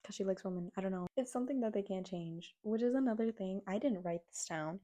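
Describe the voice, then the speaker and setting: Young female vlogger, mellow voice, casual exasperated rant delivery. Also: mid-range voice, quick pace. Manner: animated, exasperated, mocks others in quoted voices. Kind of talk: casual opinion rant to camera.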